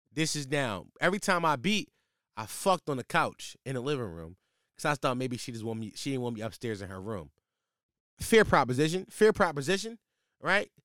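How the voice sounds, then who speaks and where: A man in his twenties telling a casual, profane story in slang, with his voice jumping high when he gets exasperated. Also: fairly bright tone, smooth, no room sound, clean studio sound.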